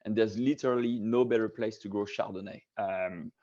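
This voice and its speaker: A man's voice: lowish voice, steady tone, normal speed, dark tone. Hesitant man hosting a video-call wine tasting. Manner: hesitant, many fillers and restarts. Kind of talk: casual hosted tasting talk. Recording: dull lo-fi video call audio.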